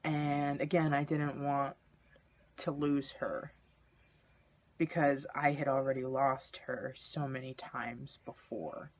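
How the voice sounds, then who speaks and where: A man's voice: mid-range voice, flat delivery, takes it slowly. A young man candidly telling a personal story in a vlog, in a confessional way. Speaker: vlogger.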